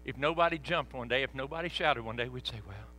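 A man's voice: medium pitch, fast, bright, forceful tone, soft background music. A middle-aged man preaching a storytelling sermon in church, folksy and laughing with the congregation. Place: church sanctuary.

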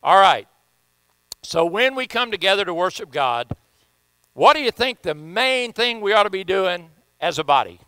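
A man's voice: sits high, big pitch swings, moderate pace, sharp tone, smooth, dry recording, rough recording. A man with a Southern US accent preaching a sermon as pastor, folksy and joking, often repeating himself.

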